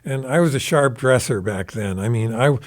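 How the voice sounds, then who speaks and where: A guest guitarist in his 70s swaps anecdotes in a recording studio, animated and rambling, with casual swearing. His voice is mid-range and his pace moderate.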